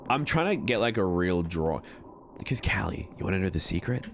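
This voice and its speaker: Deep-voiced man chatting on stream. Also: lively intonation, fairly quick, a little hiss or hum. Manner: chatty, self-mocking asides. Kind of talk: casual chat with viewers.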